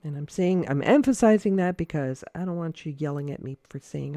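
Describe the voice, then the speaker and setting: A woman demonstrates watercolor painting in a relaxed livestream, her voice mellow and warm. She thinks aloud, hesitating and correcting herself, and speaks in a gentle, encouraging way. The sound is dry and close, with no room echo. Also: low voice, fairly quick. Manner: chatty, thinking aloud, hesitant with many fillers. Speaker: watercolor art teacher.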